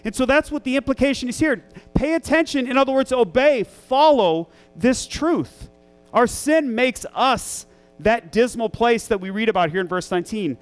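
A man's voice: very high voice, normal speed, clear, resonant tone, faint music behind. A man who is a parent, preaching a sermon as pastor in an earnest, emphatic way, repeating key phrases for weight. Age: young adult to middle-aged, a parent.

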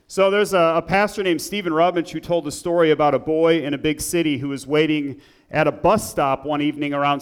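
A man preaching a sermon in church, praying and then telling a story with rising emphasis. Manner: earnest, builds up emphatically in the story, drops low and soft in prayer. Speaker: pastor. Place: church sanctuary.

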